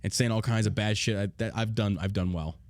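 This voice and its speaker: Guy hosting his show, swears a ton, talks fast, dry close sound. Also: on the low side, dry recording. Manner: profane, blunt, animated. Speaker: show host. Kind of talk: casual political rant.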